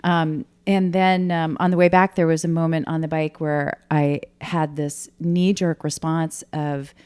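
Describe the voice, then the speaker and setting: A middle-aged woman telling teammates about her triathlon in casual chat, animated and laughing as she goes. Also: low-pitched, unhurried, clean tone. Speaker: triathlete guest. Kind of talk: casual race recap chat.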